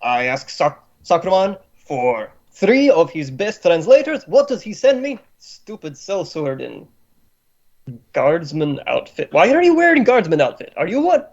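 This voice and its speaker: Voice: mid-range voice, very animated, unhurried. A game master voicing a flamboyant, impatient male noble with a Slavic accent and clipped broken grammar. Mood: suspicious. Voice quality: broken-grammar put-on accent, barking questions. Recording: muffled lo-fi recording.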